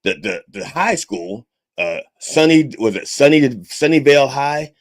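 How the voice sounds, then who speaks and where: A man's voice: medium pitch, expressive, unhurried. A man hosting a podcast in the persona of a reverend, delivering a profane comedic rant and tagging his points with a repeated okay. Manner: profane, repetitive, keeps asking okay. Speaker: podcast host styled as a reverend.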